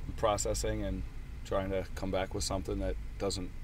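A man's voice: sits low, flat delivery, normal speed, a little hiss or hum. Young man trading dry puns in voice chat. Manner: dry, punning back-and-forth. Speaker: voice chat participant. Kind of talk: casual joking banter. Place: online group voice chat.

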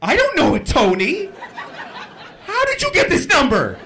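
A man voicing an indignant, suspicious woman answering a wrong-number call, with shrill, defensive questions. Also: wildly swooping pitch, a little slow, vocal fry, pushed and bright, slight background noise, exaggerated voice.

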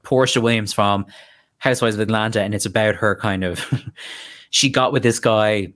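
A man chatting as a podcast guest, full of quick asides and playful tangents. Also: fairly low pitch, steady tone, fairly bright tone. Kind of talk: casual podcast chat.

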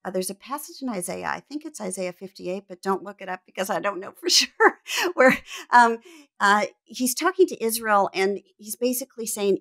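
A woman speaks in a faith-centered podcast conversation, earnest and reflective, with a gravelly, creaky texture under a mid-range voice. She quotes scripture as she talks and comes across as a thoughtful coach sharing what she has learned. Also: mid-range voice, animated, normal speed, a bit bright. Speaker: guest, business coach.

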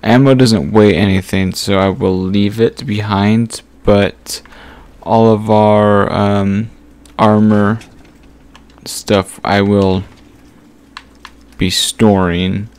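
A gaming channel host gives casual commentary, thinking aloud while sorting through items, with frequent pauses and fillers. His voice is fairly low, smooth and darkish, with a flat delivery.

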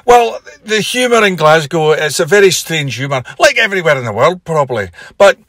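A comedian spinning long, meandering yarns, as a man puts him on, delivering the punchlines flat and deadpan. The voice sits fairly high, is bright and forward, and the recording is close and dry. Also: a little fast, no echo, full character voice. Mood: storytelling. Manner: rambling anecdotes, deadpan punchlines. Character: comedian from Glasgow impression, man, easygoing storyteller. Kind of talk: comic impression interview.

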